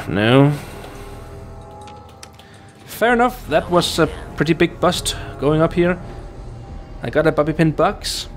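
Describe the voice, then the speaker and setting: A man's voice: fairly high pitch, animated, slow, long pauses, soft background music. A man casually commenting on his gameplay, rambling and talking to himself with lots of fillers and restarts. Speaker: gaming YouTuber. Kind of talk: casual let's play commentary.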